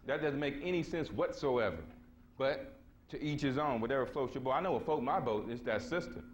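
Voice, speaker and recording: A man with a drawl holds forth at a conference podium. His talk is street-casual and blunt, full of emphatic asides, and he slips into the voices of the people in his stories. His pitch sits in an ordinary middle register, with a faint hiss of noise behind him. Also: a little fast. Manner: blunt, slangy and emphatic, acting out quoted voices. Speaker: conference speaker. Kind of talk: casual storytelling lecture to a live audience. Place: conference hall before an audience.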